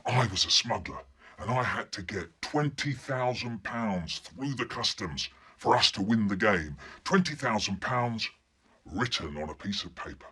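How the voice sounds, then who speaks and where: Husky, lively storyteller. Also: male voice, lowish voice, measured pace. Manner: animated, acting out the scenes. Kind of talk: storytelling performance.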